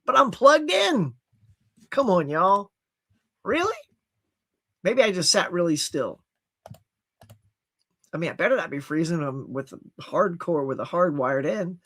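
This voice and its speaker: A man hosting a casual livestream from his home setup, chatting about new movie releases in an animated way and laughing at himself. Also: high voice, a little slow, long pauses. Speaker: livestream host. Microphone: computer with HD webcam.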